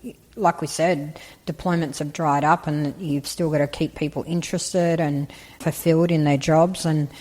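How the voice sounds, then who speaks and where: An Australian woman in her forties, an army veteran, telling stories in a casual, animated way during an interview. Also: low voice, moderate pace. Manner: chatty, animated storyteller, laughs easily. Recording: roomy with long reverb.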